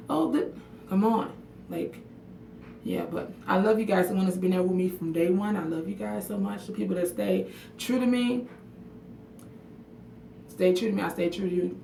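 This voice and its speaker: A woman talks straight to her livestream viewers, frank and emotional, swearing freely and calling out commenters by name. Her voice sits low with a gravelly fry. She stands in a bathroom some way from the mic, so the sound is echoey with faint room noise. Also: a little mellow. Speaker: livestream vlogger. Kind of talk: casual livestream chat to viewers. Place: bathroom at home. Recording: echoey room audio picked up from a distance.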